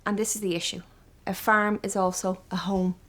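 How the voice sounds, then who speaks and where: With a mid-range voice at a moderate pace, an Irish farm safety teacher talks both in documentary interviews and to schoolchildren in class. She's lively and engages the children with plenty of questions.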